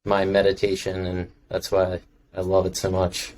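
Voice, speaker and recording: Low steady-voiced young man, relaxed podcast chat, lots of "like" and "um", slight noise behind. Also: moderate pace, poor audio. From Maryland, United States. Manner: relaxed, reflective, many filler words. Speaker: podcast guest, filmmaker. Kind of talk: casual chat.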